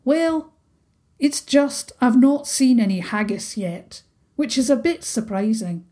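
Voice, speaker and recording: A woman's voice: high-pitched, expressive, slow pace, dark tone, voice pushed up, heavily acted. A woman doing an earnest young prince. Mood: worried. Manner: polite, serious.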